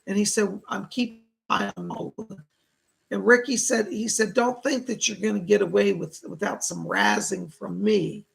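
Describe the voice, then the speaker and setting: Man, psychic medium host, high voice, very gravelly, hoarse, live readings. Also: steady tone, moderate pace, soft background music, rough recording. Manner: warm thanks, relays spirit messages. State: hoarse, voice going.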